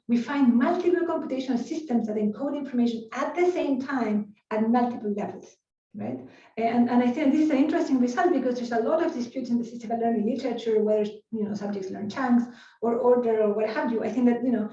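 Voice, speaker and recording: A woman's voice: a little high, darkish tone. A woman neuroscience researcher giving an academic conference talk, explaining in an unscripted way with frequent tag questions and restarts. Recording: roomy, distant, dull lo-fi sound.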